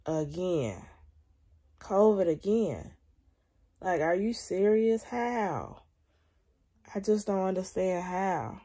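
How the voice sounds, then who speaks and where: A young woman vlogging casually from her bed at home into a phone camera, venting in a weary, drawn-out way and sounding slightly congested. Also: mid-range voice, animated, mellow, breathy edge. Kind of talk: casual confessional vlog.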